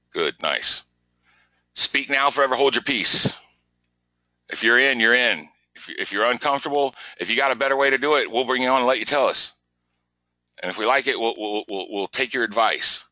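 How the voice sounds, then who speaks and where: A man hosts a live business webinar, driving his points hard and circling back over his words. His voice is sharp and forceful, a little low. The sound is dry and dull, like a lo-fi close mic. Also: no room sound. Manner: energetic, repetitive, pushy coaching. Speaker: webinar host.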